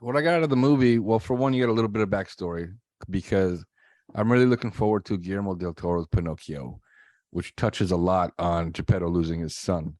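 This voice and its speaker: A man with a fairly low voice, talking through his opinion at an easy, steady pace. The recording is dry and close. He sounds like a laid-back co-host on a podcast. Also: brisk, dry recording. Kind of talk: casual chat.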